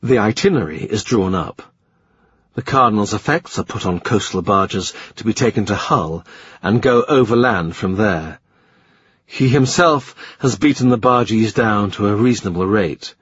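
A man narrating a historical novel in a measured, literary reading style. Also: on the low side, fairly bright tone, slightly rough. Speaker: audiobook narrator. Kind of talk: scripted narration. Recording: slightly muffled dry recording.

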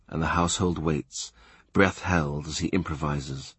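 A man reading a literary novel as an audiobook narrator in an even, measured way. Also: rumbling low, breathy edge, no echo. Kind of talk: scripted narration.

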